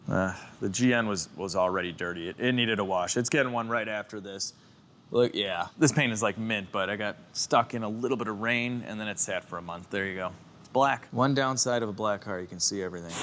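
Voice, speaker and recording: A man's voice: mid-range voice, noisy background. Chatty man from Chicago, joking to viewers. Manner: chatty, jokey, talks to viewers while working. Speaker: car YouTuber. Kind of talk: casual car-detailing vlog narration.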